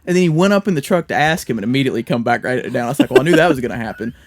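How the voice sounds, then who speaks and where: A man's voice: medium pitch, racing, slight background noise. A man on a casual podcast telling stories about his coworkers, swearing and acting out their lines. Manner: animated, acts out coworkers in quoted voices, swears freely. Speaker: podcast co-host. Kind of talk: casual storytelling chat.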